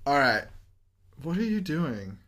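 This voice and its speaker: A man's voice: fairly high pitch, sing-song, slow pace, fairly bright tone. A man co-hosting a movie podcast, joking and teasing his co-hosts in casual chat. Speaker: podcast co-host.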